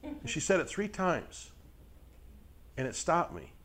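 A fairly high, slow voice belongs to a middle-aged Bible teacher giving a conversational sermon to a live group. He jokes with listeners in a folksy, lively way and keeps asking rhetorical questions and tag checks.

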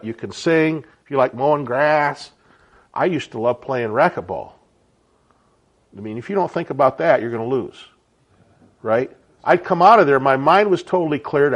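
A man giving an informal sermon as a Bible teacher, chatty and conversational, often checking in with rhetorical questions. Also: mid-range voice.

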